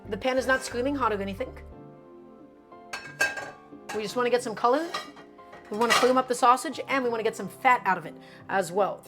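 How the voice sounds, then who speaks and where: A woman's voice: on the high side, brisk, pauses often, music in the background. A woman streamer teaching a cooking lesson live, chatty and emphatic, often addressing her chat directly.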